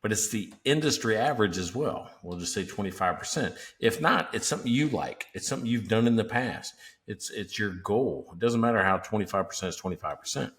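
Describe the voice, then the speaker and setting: A man co-hosting a business podcast speaks emphatically in casual podcast chat, walking through pricing examples like a seminar teacher. His voice is fairly low and a bit bright, with an animated, fairly quick delivery.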